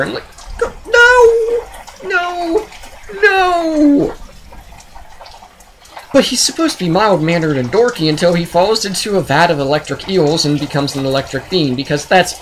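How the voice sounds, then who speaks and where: A man's voice: a little fast, a little hiss or hum, poor audio. Sarcastic man ranting about a movie. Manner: sarcastic, exasperated, jumps into high incredulous outbursts. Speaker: movie reviewer. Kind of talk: comedic movie review rant.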